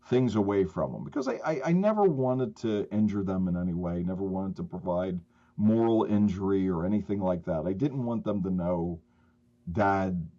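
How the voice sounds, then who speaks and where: A man in his fifties, a trauma therapist, telling an emotional story in a conversation, animated and halting, with many restarts. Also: low-pitched. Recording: slightly dull lo-fi audio.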